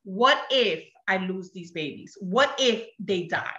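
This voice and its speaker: A woman in her thirties, a guest sharing her personal testimony, telling her story with animated quoted dialogue. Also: medium pitch, slow pace, roomy sound, dull audio.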